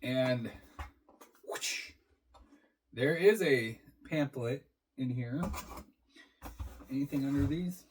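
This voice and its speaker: A man's voice: medium pitch, takes it slowly, long pauses, a little hiss or hum, poor audio. A man talking casually through an unboxing for his channel, rambling and swearing freely as he goes. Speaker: beer reviewer.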